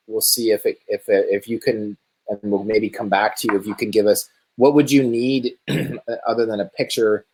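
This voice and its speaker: A man hosting and moderating a live Q&A, casual and halting with many fillers. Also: lowish voice, fairly even intonation, a little mellow, rough recording. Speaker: host and moderator.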